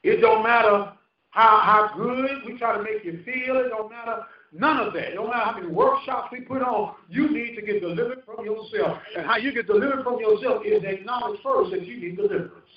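A male pastor preaching a fervent sermon, emphatic, with call-and-response to the congregation. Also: sits high. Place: church sanctuary. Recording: echoey hall, distant mic, dull sound.

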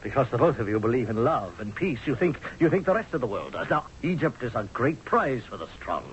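An actor playing an exasperated, sardonic army general in a radio drama, speaking forcefully. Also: male voice, mid-range voice, sing-song, brisk, a little hiss or hum, close to an everyday voice. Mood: sarcastic. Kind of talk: 1970s radio drama acting. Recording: dull lo-fi old radio broadcast.

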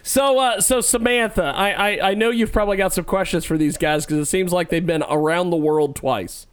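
A man's voice: high-pitched, brisk, smooth. A man hosting a casual talk show, joking and laughing often. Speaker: host.

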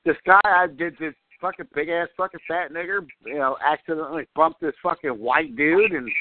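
A man telling a crude anecdote in casual talk, animated and profane. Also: fairly high pitch, fairly quick, no room sound. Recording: tinny phone-like line.

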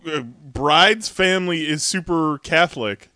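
A man's voice: on the high side, measured pace, pushed and bright, no echo. A man hosting a podcast, teasing his co-host in an amused casual chat.

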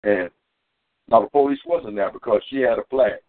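A man preaching and telling a personal testimony on a community call, fervent, with sudden high bursts when he quotes himself. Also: moderate pace, no echo. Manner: fervent storytelling, climbing high for quoted shouts. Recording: tinny phone line.

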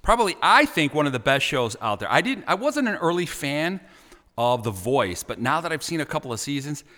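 A man's voice: fairly high pitch, brisk. Guy hosting a talk show, joking and teasing, lots of ups and downs, echoey reverb. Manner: playful, teasing, animated. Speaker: radio show host.

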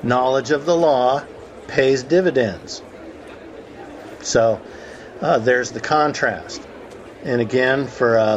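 A man's voice: mid-range voice, muffled recording, a little hiss or hum. A man hosting a conference call, telling a courtroom story in a conversational way and acting out the quotes. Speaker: host of a call about the law.

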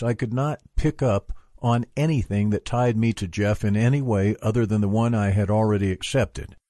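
A man reading a memoir aloud for a book club, at a measured, even pace. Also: lowish voice, no room sound, studio quality.

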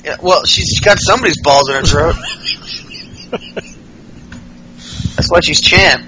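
A man's voice: fairly high pitch, slow, background noise. A male podcast host recapping wrestling casually, rambling and profane, with lots of fillers.

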